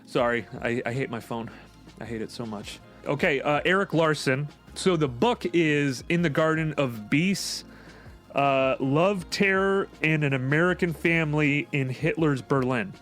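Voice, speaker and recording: A man's voice: on the high side, measured pace, a bit bright, soft background music. A man co-hosting a podcast, talking in a casual, profane, rambling way and laughing often. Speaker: podcast co-host. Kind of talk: casual chat.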